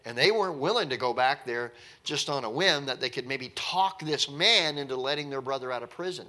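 Guy doing a bible study, reads a verse then breaks it down casual, bright kinda high voice. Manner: reads scripture aloud then explains it in plain talk; acts out the characters' speech in a conversational way. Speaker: Bible teacher.

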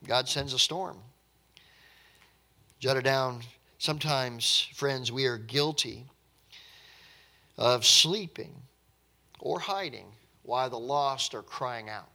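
A man's voice: medium pitch, slow pace, gravelly, long pauses, bright, forceful tone. A man preaching a conversational, emphatic sermon, often repeating his words as he explains.

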